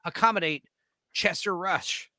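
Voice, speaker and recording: A man's voice: high-pitched, moderate pace, bright, forceful tone, no echo. A man hosting a podcast, chatting casually and profanely while explaining a movie to his co-hosts. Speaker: podcast host. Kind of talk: casual movie commentary chat.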